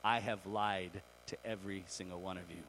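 A man's voice: fairly high pitch, moderate pace, a little hiss or hum, natural voice. A man voicing a panicked, bossy career woman while retelling a story in a sermon, speaking urgently. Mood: confessing.

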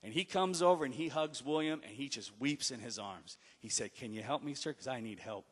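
A preacher putting on a weary, broken big man, low and hushed. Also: expressive, brisk, husky, long reverb tail. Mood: pleading.

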